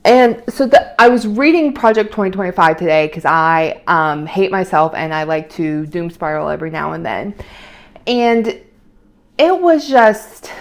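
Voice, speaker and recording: A woman's voice: mid-range voice, expressive, unhurried. A young adult woman vlogging in casual chat, rambling and opinionated, with many fillers and restarts.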